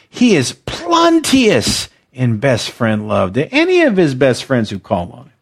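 A man with a husky voice preaches slowly and deliberately, with a lively, swooping pitch. He is exuberant and emotional, and he leads his listeners in call-and-response repetition. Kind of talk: devotional teaching, podcast-style.

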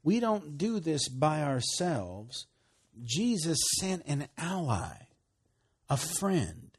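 A man preaching a sermon, emphatic, moving between loud bursts and hushed, quiet lines. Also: a little high, sing-song, slow pace, slightly rough. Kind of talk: sermon teaching.

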